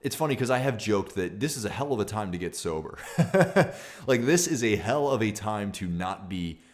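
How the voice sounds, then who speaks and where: Low-voiced young man talking candidly. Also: lively intonation, fairly quick. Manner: rambling, candid, many restarts and fillers; reads viewer comments aloud. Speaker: streamer. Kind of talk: casual livestream talk.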